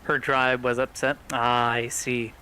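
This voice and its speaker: A man's voice: medium pitch, little pitch movement, measured pace, pushed and bright, clean tone, low-quality recording. A man streaming a roleplay game, chatting casually and joking between scenes, swearing freely.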